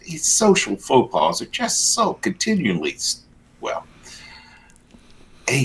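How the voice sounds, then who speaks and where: Lively low-voiced man, blunt and sardonic. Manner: blunt, sardonic, animated commentary. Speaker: co-host and church commentator. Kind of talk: casual news banter.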